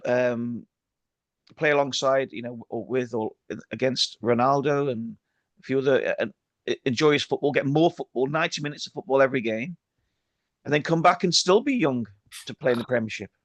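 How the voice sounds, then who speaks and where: A man co-hosting a football chat show, his voice at an ordinary middle pitch. He chats easily and moves the talk along to the next story. The recording is dry and close-up. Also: moderate pace, no room sound. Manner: chatty, steers the talk onto new topics. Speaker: podcast co-host.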